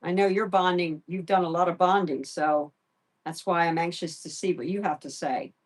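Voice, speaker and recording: A middle-aged woman hosting a home live stream, softly sweet-talking her pet and chatting casually with viewers. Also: lowish voice, fairly even intonation, normal speed. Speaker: pet livestream host.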